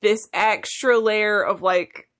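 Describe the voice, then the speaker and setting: A woman's voice: medium pitch, fairly even intonation, slow pace, fairly bright tone. A woman co-hosting a podcast, chatting casually and enthusiastically with lots of "like". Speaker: podcast co-host. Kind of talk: casual chat.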